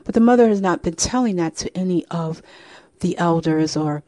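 Low, mellow-voiced woman storyteller. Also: dry recording, clean studio sound. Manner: measured, storytelling. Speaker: host. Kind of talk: telling a true story.

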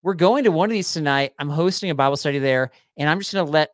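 A man's voice: fairly high pitch, fast talker, no echo, studio quality. A man co-hosting a podcast, chatting casually and teasing his co-host with wry reactions.

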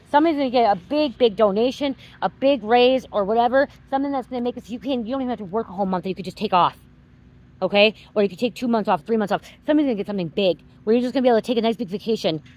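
A woman's voice: medium pitch, poor audio. Heated, emphatic woman doing a psychic reading. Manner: emphatic, repetitive, swears freely; gets worked up and heated. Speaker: psychic card reader. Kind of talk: direct-to-viewer psychic reading.

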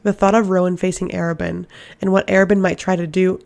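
A woman narrating a fantasy novel as an audiobook reader, in a steady, even reading voice. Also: lowish voice, fast, creaky.

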